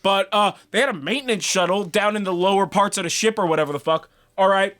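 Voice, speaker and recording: High-pitched, bright-voiced ranting man. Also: fast. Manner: animated and swearing, frequent restarts. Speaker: podcast co-host reviewing a TV series. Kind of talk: profane ranting review chat.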